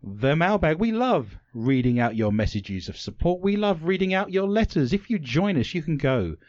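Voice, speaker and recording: A man's voice: a little high, sing-song, normal speed, darkish tone, dry recording. Playful man hosting a radio quiz. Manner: playful, punning, theatrical delivery. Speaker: radio show host. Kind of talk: jokey quiz show banter. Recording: dry, slightly dull lo-fi sound.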